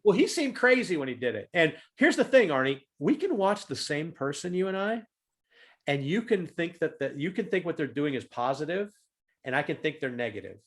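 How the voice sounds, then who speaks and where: A man giving a talk on humor and leadership over a video call, animated and fond of loud acted-out demonstrations. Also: on the high side, brisk.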